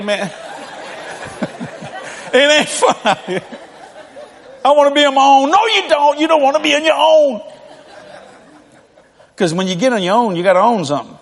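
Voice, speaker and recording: Animated high-voiced preacher in his sixties. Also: big-room sound. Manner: animated, folksy, laughing through his stories. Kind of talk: humorous storytelling sermon.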